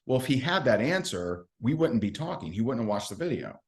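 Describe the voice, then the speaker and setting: A man's voice: mid-range voice, expressive, fast, hardly any pauses. A man giving a recruiting training talk, telling stories in a chatty, self-mocking way and acting out what people said. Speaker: network marketing trainer.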